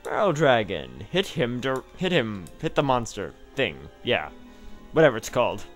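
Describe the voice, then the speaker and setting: A man's voice: medium pitch, big pitch swings, moderate pace, faint music behind. A man giving let's play commentary on a card game, trash-talking his opponent with mock anger and frequent laughs.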